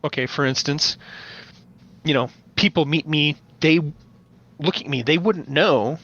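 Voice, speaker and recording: Animated man with a bright voice, lo-fi sound. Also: a little high, measured pace. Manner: animated storyteller, playful voice imitations. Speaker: podcast guest, game master. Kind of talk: casual podcast chat. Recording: dull lo-fi audio.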